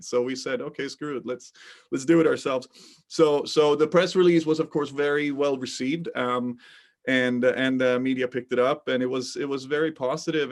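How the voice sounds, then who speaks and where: A man, a business co-founder, speaks in conversational interview answers. His pitch sits in an ordinary middle range for a man. He is halting and often repeats a word several times before the sentence comes. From Sweden.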